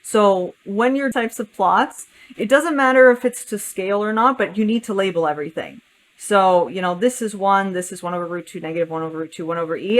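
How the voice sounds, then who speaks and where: A woman's voice: on the low side, poor audio. A woman teaching a calculus lesson step by step, thinking aloud and correcting herself as she draws a graph. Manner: thinking aloud while drawing, self-correcting. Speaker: math teacher.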